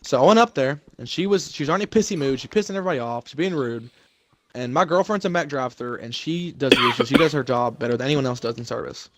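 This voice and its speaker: A young adult man vents in casual conversation, telling a heated, profanity-laced story about trouble at work. His mid-range voice is quick and a bit bright, with a little hiss or hum on the recording.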